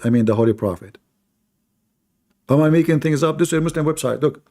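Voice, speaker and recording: A man's voice: on the high side, fairly quick, pauses often, mellow. A man hosting a live online debate and talking in a sarcastic, mocking way, often laughing at his own points. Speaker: live debate show host.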